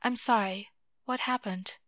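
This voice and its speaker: A woman voicing a young shop worker who is quiet, hesitant and kind, in a dry recording. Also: mid-range voice, fairly even intonation, a little slow, no room sound, close to an everyday voice. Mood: shaken.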